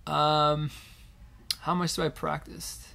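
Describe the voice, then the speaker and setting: High, bright-voiced man chatting on a stream. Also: level tone, slow, creaky. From Massachusetts. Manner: chatty, reads out viewer comments. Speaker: pianist streaming live. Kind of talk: casual live-stream chat. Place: home studio.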